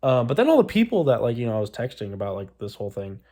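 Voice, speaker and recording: A man's voice: medium pitch, sing-song, very fast, dark tone. A young man vlogging to the camera, telling a story in a rambling, self-deprecating way and swearing freely. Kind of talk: casual storytelling vlog.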